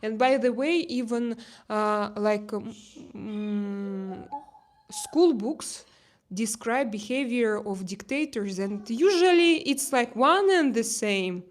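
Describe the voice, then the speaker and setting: A woman with a Russian accent hosting a casual livestream chat, reading viewer comments and pausing often with fillers and restarts. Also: fairly high pitch. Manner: hesitant, many fillers and restarts. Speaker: livestream host. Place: outdoor terrace.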